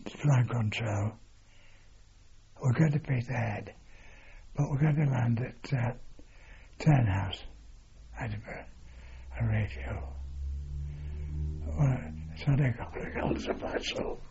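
Slow-talking older man on a lo-fi recording. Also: mid-range voice, vocal fry. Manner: halting, with fillers and mild swearing. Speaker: veteran recounting his service. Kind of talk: oral history reminiscence. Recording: dull lo-fi recording with steady noise.

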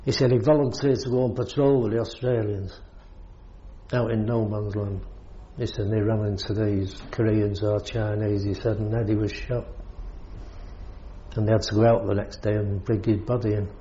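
A man's voice: on the low side, level tone, normal speed, warm tone, highs cut off. Older British man, war veteran, rambling storyteller who chuckles a lot, faint hiss behind. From Britain. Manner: rambling, chuckles often while telling. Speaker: war veteran recounting service. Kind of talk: oral history storytelling.

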